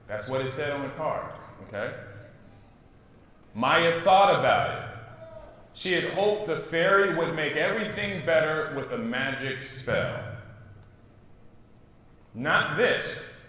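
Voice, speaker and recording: A man's voice: a little high, expressive, slow, pauses often, a bit bright. A man reading a storybook aloud to children in a school classroom, playful and chatty, asking the kids questions. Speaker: news presenter reading to children. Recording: echoey room with long reverb.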